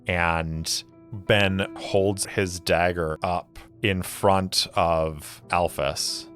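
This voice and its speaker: A man narrating a solo tabletop game in a relaxed way, with many fillers. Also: deep voice.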